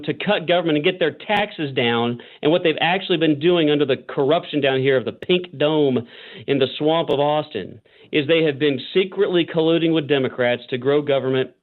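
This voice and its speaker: A man from Texas, a state representative, speaking as a guest on a political call-in interview, fired up and emphatic, slowing down to hammer his points. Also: on the high side. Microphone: phone. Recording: phone line.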